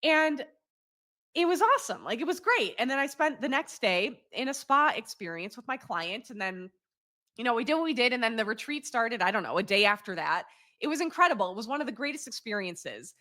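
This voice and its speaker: Woman, 30s, host, bright and forceful voice, candid storyteller who laughs easily. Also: a little high, a little fast. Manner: lively, candid, laughs often, swears freely. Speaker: podcast host. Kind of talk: casual storytelling monologue.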